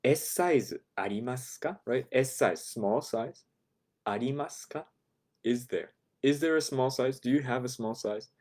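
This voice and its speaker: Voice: mid-range voice, moderate pace, darkish tone. Chatty language teacher with laughing asides. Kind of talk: explaining a language lesson.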